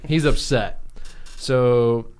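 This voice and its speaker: A man, a comedian guest on a podcast, slowly improvising a comic story and searching for the next bit. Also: medium pitch, darkish tone, smooth.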